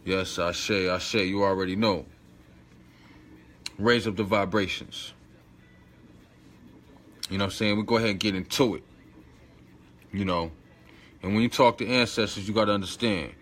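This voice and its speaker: A man's voice: lowish voice, steady tone, moderate pace, long pauses, fairly bright tone, a little hiss or hum. Guy teaching spiritual stuff, slangy, pushy, keeps repeating himself for emphasis. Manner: talks straight to the listener, coaching tone.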